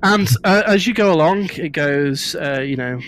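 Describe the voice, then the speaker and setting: Lachender britischer Spielleiter. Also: male voice, on the high side, lively intonation, normal speed, a bit bright, slight background noise. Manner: chatty, laughs often, repeats words. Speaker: game master. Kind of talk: narrating a tabletop game.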